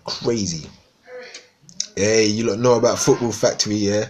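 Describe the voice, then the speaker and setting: A man's voice: on the low side, steady tone, normal speed, a little mellow, a little hiss or hum. A man from East London with a Cockney accent, chatting casually and swearing a lot on a live stream. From East London, England. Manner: rambling, swearing, slangy.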